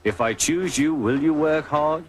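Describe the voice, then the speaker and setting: A man's voice: a little high, slight background noise, pitched above the performer's own voice, close to an everyday voice. A man voicing a fussy, commanding railway director in a storybook reading. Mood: brisk. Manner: brisk, commanding.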